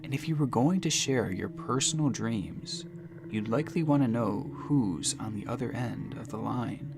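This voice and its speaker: A man giving scripted, suspenseful mystery narration, measured and slowing down for dramatic phrases. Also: mid-range voice, vocal fry, noisy background. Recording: narration over music.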